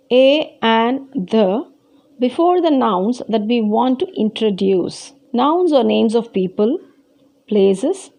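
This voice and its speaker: A woman teacher with an Indian English accent, slowly and patiently explaining a grammar lesson to schoolchildren and repeating the key points. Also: a little high, mellow.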